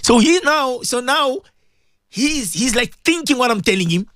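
A middle-aged man, a cleric hosting a radio talk show, speaks to his listeners with emphatic, preacher-like conviction. His pitch leaps and dips constantly. The sound is dry and close, as in a studio booth. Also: unhurried, no room sound. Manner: animated, emphatic preaching, addresses listeners directly. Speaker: Muslim cleric and radio host.

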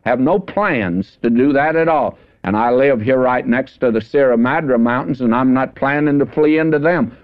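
A man's voice: mid-range voice, normal speed, few pauses, phone-quality sound. An older American man teaching through a Bible passage in a folksy, conversational way, calling the listener "my friend".

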